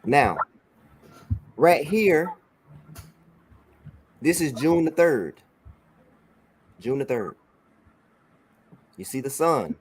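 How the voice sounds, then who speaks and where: A man's voice: mid-range voice, very animated, very slow, long pauses, a little hiss or hum. A man teaching a religious class over a broadcast, often saying "all right" and checking that his student follows along.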